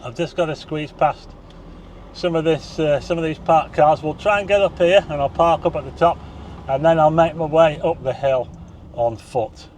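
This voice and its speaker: A man's voice: a little high, moderate pace, darkish tone, slight background noise. An older man chatting to viewers as he drives and climbs a hill, exclaiming and getting out of breath. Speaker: walking vlogger. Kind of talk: casual vlog narration. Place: outdoors, driving then hillside walk.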